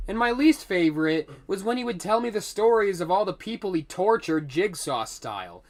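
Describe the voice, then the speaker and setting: A man's voice: sits high, big pitch swings, a little fast, hardly any pauses, a little mellow. A young man telling a rambling, profane storytime vlog.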